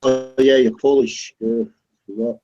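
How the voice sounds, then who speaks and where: A man's voice: medium pitch, flat delivery, measured pace. A man from Wales in a casual online voice chat, teasing others with crude, profane banter. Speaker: voice chat participant. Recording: dull lo-fi online voice chat audio.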